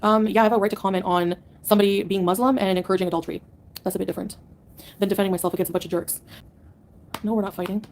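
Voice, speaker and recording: Fast-talking woman ranting sarcastically. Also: medium pitch, steady tone, a little mellow, a little hiss or hum. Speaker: livestreamer answering chat. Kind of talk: live-stream rant to chat.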